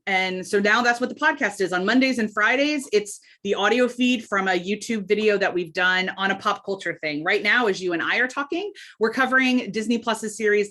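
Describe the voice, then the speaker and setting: A woman, a podcast guest talking in an animated, chatty way in a casual interview. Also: medium pitch. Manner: animated, chatty, quick asides and laughs.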